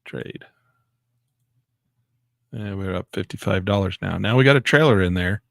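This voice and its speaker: Gravelly low-voiced guy hyped up calling his day trades live, dry sound. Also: moderate pace, dry recording. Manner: excitable, exclaims and talks to himself. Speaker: day trading educator. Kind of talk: live trading commentary.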